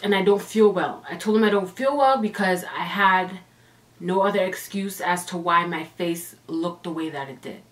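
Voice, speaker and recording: A woman's voice: on the low side, normal speed. A woman telling her own ghost story as a casual storytime vlog, emotional and dramatic, with sighs and exclamations. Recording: voice a bit distant from the mic.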